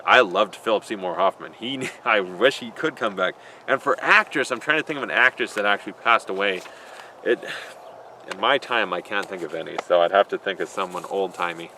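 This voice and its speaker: A man's voice: on the low side, pushed and bright, slight background noise. A man casually answering viewer questions outdoors, rambling and joking with frequent swearing. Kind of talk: casual Q&A vlog. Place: outdoors in a built-up area.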